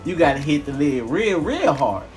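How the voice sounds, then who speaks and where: A man's voice: a little high, sing-song, normal speed, distant mic, soft background music. A man voicing a smug male fly in a joke.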